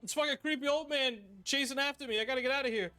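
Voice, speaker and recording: A man's voice: very high-pitched, rapid-fire, sharp tone, faint music behind, pitched above the performer's own voice. A man voicing a cocky young male street urchin thief, babbling fake apologies. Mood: fake-apologetic.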